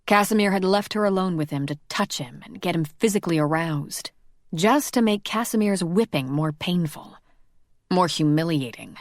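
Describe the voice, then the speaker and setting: Reading from a paranormal romance audiobook script, a woman narrates with a steady, measured delivery. Her voice sits on the low side, and the recording is dry and cleanly studio-produced.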